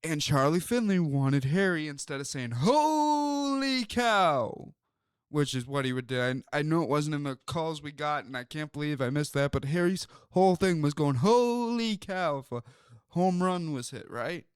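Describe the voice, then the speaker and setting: A man's voice: fairly high pitch, fairly quick, hardly any pauses, smooth, dry recording, studio quality. A man hosting a sports talk show, telling stories in a rambling way with many fillers. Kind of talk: casual sports talk monologue.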